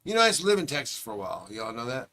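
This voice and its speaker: A man's voice: medium pitch, sing-song, rapid-fire, sharp tone. A man chatting casually with live viewers, rambling and swearing freely in a laid-back way. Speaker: livestreamer. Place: large public train terminal.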